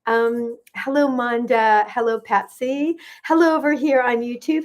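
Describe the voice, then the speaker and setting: A middle-aged woman, a gut health coach, chatting warmly and greeting viewers by name as she hosts a livestream. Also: fairly high pitch, steady tone, a little slow.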